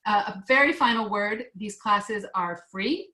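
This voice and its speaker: A woman's voice: mid-range voice, measured pace, bright, forceful tone. An American woman hosting an online class interview, chatty and friendly with lots of fillers, on a video call. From United States. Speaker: host. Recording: echoey room.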